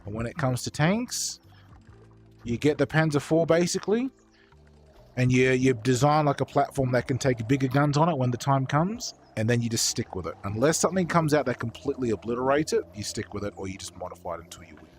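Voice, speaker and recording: A man's voice: medium pitch, expressive, a little fast, soft background music. A young man streaming while painting models, chatting casually with viewers in a rambling, profane way with lots of fillers.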